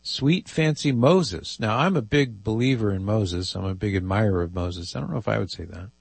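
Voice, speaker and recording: A man's voice: fairly low pitch, fast, creaky, husky, no echo. A man hosting a radio talk show, chatting wryly and reading listener emails aloud.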